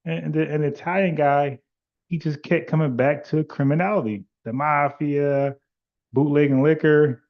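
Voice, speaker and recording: Taking calls on his podcast's casual live stream, this man argues his points bluntly, often saying "like" and restarting. His slightly high voice keeps fairly even intonation at a moderate pace, heard through muffled lo-fi audio.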